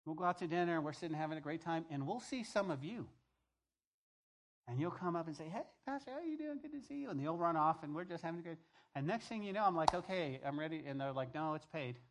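A man's voice: a little high, fast talker. A middle-aged male pastor preaching a conversational sermon, repeating key phrases and telling stories from the pulpit.

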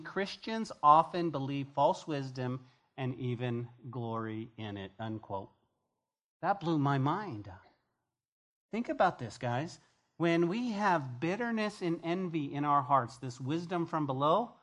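A preacher delivering an emphatic sermon to a congregation, with a voice in a middle register. The delivery swings from loud, punchy lines to hushed asides and slips into quoted voices along the way. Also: mid-range voice, lively intonation, a little slow. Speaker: pastor. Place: church before a congregation.

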